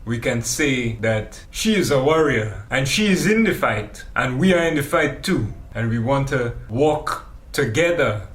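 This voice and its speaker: A man's voice: medium pitch, animated, a little slow, hardly any pauses, a bit bright. A man with a Trinidadian accent giving an impassioned forum speech, fiery and full of rhetorical questions. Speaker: forum speaker for a grassroots news team. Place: public forum hall. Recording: echoey room, mic at a distance.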